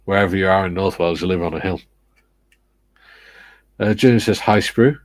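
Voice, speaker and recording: A man with a low voice and close, dry sound hosts a relaxed hobby livestream. He reads viewer comments aloud and jokes with his co-builders as they go. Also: moderate pace, no echo. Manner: reads out chat messages, joking. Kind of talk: casual livestream chat while model building.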